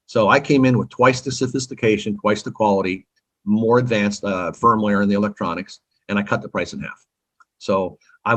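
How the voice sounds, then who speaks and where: A man's voice: slightly rough, rough recording. A man from California, a company founder, giving eager, talkative answers in a casual interview. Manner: eager, talkative salesman pitch.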